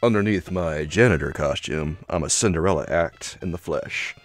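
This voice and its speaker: Low-voiced man chatting over a game. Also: moderate pace, soft background music. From United States. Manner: chatty, joking with viewers. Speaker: let's play host. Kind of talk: casual gameplay commentary.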